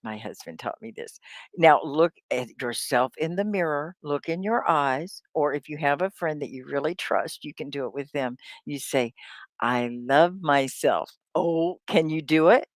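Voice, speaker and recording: A woman's voice: sits low, normal speed, no echo, clean studio sound. A middle-aged woman teaching a live online English class, upbeat and encouraging as she speaks to viewers in the chat by name. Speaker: ESL teacher.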